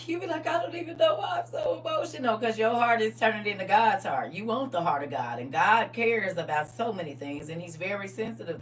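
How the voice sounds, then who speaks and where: A woman's voice: mid-range voice, fairly bright tone. A woman preaching a conversational sermon, often asking the congregation questions and waiting for their answers. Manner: conversational, call-and-response with congregation. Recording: voice from far off the mic.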